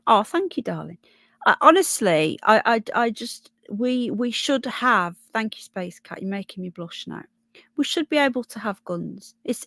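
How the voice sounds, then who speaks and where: A woman's voice: a little high, a bit bright, dry recording. Chatty Brummie woman, dry close sound. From Birmingham, England. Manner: chatty, thinks aloud, stumbles over names. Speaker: livestream host. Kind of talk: casual live chat reading news and viewer comments.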